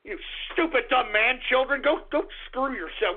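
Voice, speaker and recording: A male radio host delivering an abrasive, insulting, shouting rant on his talk show. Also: very high-pitched, normal speed, hardly any pauses. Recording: tinny phone-line sound.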